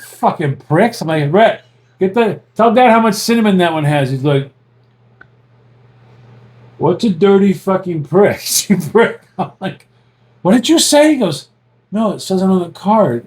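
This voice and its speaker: Loud, profane podcast host, high voice with big swings, laughs mid-story. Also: male voice. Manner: profane, laughing, mimics others in quotes. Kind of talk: crude casual storytelling.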